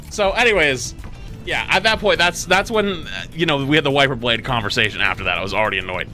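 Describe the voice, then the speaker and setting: A man's voice: a little high, moderate pace, soft background music. A man streaming, casually telling a profane, exasperated story about his day. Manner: animated, profane, exasperated retelling.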